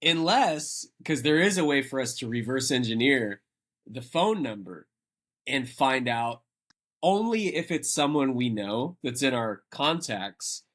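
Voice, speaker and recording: Guy cohosting a podcast, chatty and rambly, laughs a lot, mid pitch. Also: lively intonation, a little slow, fairly bright tone. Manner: laughing, rambling, self-interrupting. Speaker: podcast co-host. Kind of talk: casual chat.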